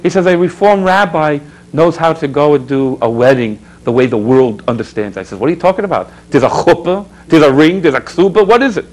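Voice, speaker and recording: Slightly high and a little mellow, the man's voice moves a bit fast on a rough recording. As host of a public access TV show, the rabbi preaches with exhortations, rhetorical questions and anecdotal asides to his viewers.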